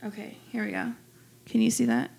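A woman's voice: mid-range voice, very animated, a little fast, gravelly, a little mellow, roomy sound. A woman co-hosting a casual podcast chat, blunt and emphatic, slightly slurring her words from wine. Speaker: podcast co-host.

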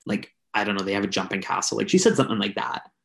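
Gravelly young man telling a rambling story. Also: lowish voice, rapid-fire, fairly bright tone. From Canada. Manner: rambling, filler-heavy, chatty. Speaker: podcast co-host. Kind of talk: casual storytelling among friends.

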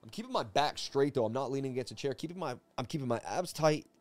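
A man hosting a casual live stream of crypto chart analysis from his seat at a desk, talking in an energetic, rambling, jokey way. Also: mid-range voice, fast. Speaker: crypto market analyst host. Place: seated at a desk indoors.

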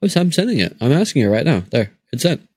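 A man's voice: mid-range voice, big pitch swings, fast talker, a little mellow, husky, dry recording. A young man hosting a podcast, joking and swearing through casual banter. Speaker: podcast host.

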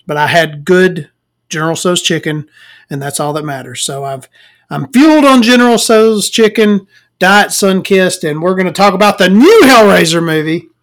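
A man with a somewhat high voice hosts a casual solo podcast. He sounds tired, rambles from one thought to the next, and keeps cracking jokes between his ums and uhs. He talks into a desk microphone in a small dark room at home. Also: lively intonation, moderate pace. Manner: rambling and joking, with many fillers. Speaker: podcast host.

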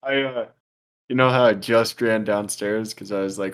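A man's voice: on the low side, steady tone, moderate pace, clean tone. A young man co-hosting a podcast, teasing his friend and laughing often in casual chat. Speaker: podcast co-host.

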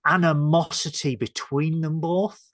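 A man's voice: fairly high pitch, steady tone, a little slow, fairly bright tone, dry recording, clean studio sound. A man from northern England co-hosting a casual TV review chat, recapping scenes in a hesitant way with many ums and self-corrections. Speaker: podcast co-host.

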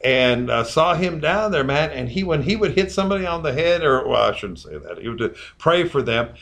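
A man's voice: a little high, big pitch swings, brisk, a bit bright. A man co-hosting a casual church discussion podcast, telling rambling anecdotes that drift from one example to the next. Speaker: podcast co-host.

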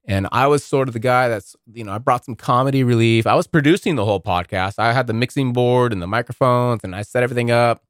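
A man's voice: mid-range voice, quick pace, few pauses, dry recording, studio quality. A man hosting a podcast, rambling through a casual monologue full of profanity. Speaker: podcast host.

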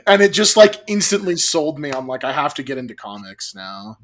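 A man co-hosting a podcast in casual chat, animated and rambling, swearing now and then. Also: on the high side, fairly quick, a little hiss or hum. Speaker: podcast co-host.

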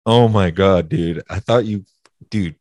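A man's voice: low-pitched, measured pace, a little mellow, no echo. A young man co-hosting a casual podcast over a video call, teasing and swearing through laughing rants. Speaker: podcast co-host.

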